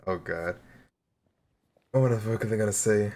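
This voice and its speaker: A man's voice: lowish voice, normal speed, darkish tone. A man co-hosting a reaction stream, laid-back and agreeable, calling people "bro". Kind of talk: casual reaction chat.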